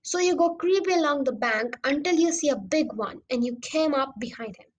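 A woman voicing an elderly male country doctor who is fiery and mischievous, in a storybook reading with lively emphasis. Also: sits high, moderate pace, slight background noise, lightly acted, rough recording. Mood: explaining.

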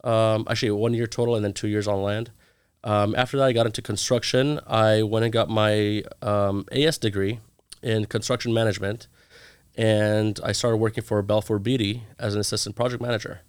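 A man's voice: fairly low pitch, fairly quick, clean tone, no room sound, studio quality. A man in his thirties, a guest in a casual interview, telling stories with energy and acting out the lines of the people in them. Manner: animated storyteller acting out quoted dialogue.

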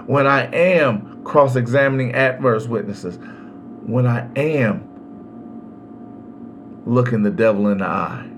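Slow, deliberate man lecturing on law. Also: medium pitch, slight background noise. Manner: slow, deliberate, emphatic delivery with long pauses. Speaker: podcast host. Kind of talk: solo legal commentary.

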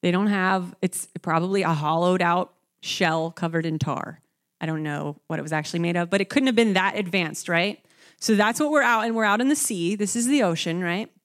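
A young woman preaching a conversational sermon, animated and talking to the congregation, acting out scenes. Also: normal speed. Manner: animated, conversational, acts out the disciples with rising pitch.

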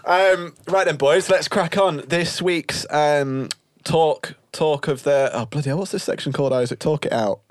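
A man's voice: on the high side, fairly even intonation, unhurried, hardly any pauses, dry recording, studio quality. A young man hosting a casual podcast chat, teasing his friends and laughing often. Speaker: podcast host.

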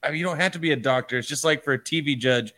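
A man's voice: fairly high pitch, racing, sharp tone. A man co-hosting a podcast in casual chat, dry and teasing. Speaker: podcast co-host.

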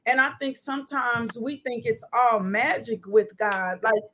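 A woman's voice: fairly high pitch, unhurried, sharp tone. A woman hosting a faith conversation, talking emphatically and repeating phrases like a preacher. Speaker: host and ministry leader. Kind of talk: casual faith podcast conversation.

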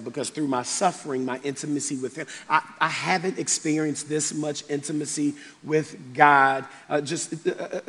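A male pastor preaching a sermon with passion, swinging between loud outbursts and quiet, subdued stretches. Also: a little high. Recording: long reverb of a large hall.

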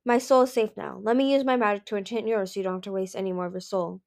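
A woman voicing a smug, scheming ancient male dragon in a storybook reading, smooth and self-assured. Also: medium pitch, steady tone, fast, a little mellow, natural voice.

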